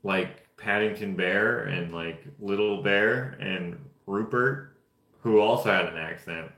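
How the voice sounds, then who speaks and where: A man's voice: lowish voice, slow pace, fairly bright tone. A young man from Canada chatting casually and rambling offhand while painting figures. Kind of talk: casual chat. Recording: roomy echo.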